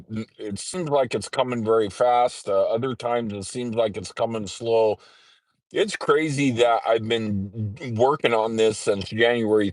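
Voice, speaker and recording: A medium-pitched male livestreamer, currently in trucker training, hosts a laid-back morning stream while congested. His talk wanders, heavy with fillers and frequent throat-clearing. The audio is close and dry, without any room sound.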